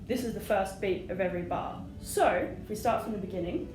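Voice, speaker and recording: A woman's voice: medium pitch, brisk, a little mellow, soft background music. A woman teaching flute, patient and encouraging, singing rhythms aloud as she explains. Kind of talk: music lesson. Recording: echoey room with audible noise.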